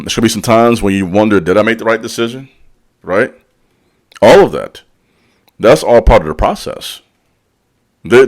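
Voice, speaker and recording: A man giving a blunt motivational talk as a spiritual leader, using casual slang, calling out the listener directly and repeating lines for emphasis. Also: medium pitch. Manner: preachy, direct, calls out the listener. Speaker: channel host and spiritual speaker. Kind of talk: motivational monologue.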